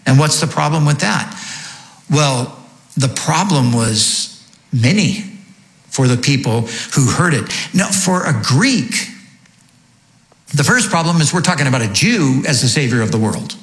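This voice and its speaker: A man's voice: mid-range voice, very animated, a little slow, a bit bright. A man giving a sermon as a preacher, teaching by asking questions and then answering them. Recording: echoey room.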